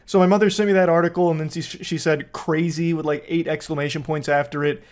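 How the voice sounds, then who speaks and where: A man's voice: a little high, flat delivery, fast talker, darkish tone, clear, resonant tone. A man giving casual commentary on a news story, dry and wry, swearing and cracking jokes along the way. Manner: dry, wry delivery laced with profanity and jokey asides. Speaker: commentator host.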